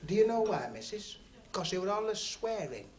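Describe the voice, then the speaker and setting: A man's voice: high voice, sing-song, normal speed. A man doing club stand-up comedy, chatting and teasing the audience and laughing at his own jokes. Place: working men's club stage on TV. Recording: noisy 1970s TV recording, laughing club crowd.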